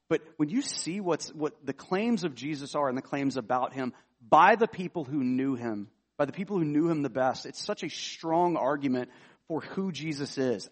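A man, a pastor preaching a conversational sermon that rises with emphasis when he reads scripture. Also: a little high.

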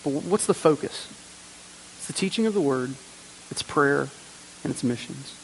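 A man's voice: a little high, animated, normal speed, creaky. A man preaching a sermon to his congregation, earnest, with repeated phrases and rhetorical questions. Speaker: pastor. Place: church sanctuary. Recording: long reverb, faint hiss.

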